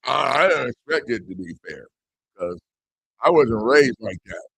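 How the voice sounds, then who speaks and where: A man's voice: medium pitch, expressive, a little slow, creaky, a bit bright, slightly rough, dry recording, rough recording. A man in a casual livestream chat, talking in a blunt, profane and defiant way. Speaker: host.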